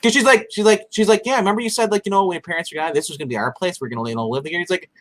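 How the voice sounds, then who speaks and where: A man's voice: on the high side, racing, fairly bright tone. A man co-hosting a casual episode recap, retelling scenes animatedly and acting out the characters' lines with frequent laughs. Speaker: podcast co-host.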